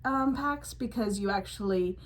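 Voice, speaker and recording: A woman's voice: medium pitch, unhurried, rough recording. A woman co-hosting a knitting podcast, talking in a playful, rambling way. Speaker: podcast co-host. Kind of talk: casual chat.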